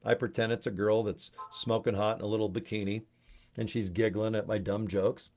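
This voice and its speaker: A man's voice: lowish voice, little pitch movement, a little fast, darkish tone. A man in a rambling, joking casual video chat, going off on tangents while promoting a business. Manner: joking, tangents, puts on silly voices. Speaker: network marketing promoter. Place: Utah.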